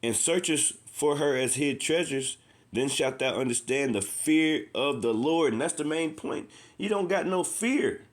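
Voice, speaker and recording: A street preacher with a slightly high, expressive voice speaks at a measured pace. He preaches informally and passionately, repeating himself, saying "man" a lot, and reading scripture aloud between his own remarks.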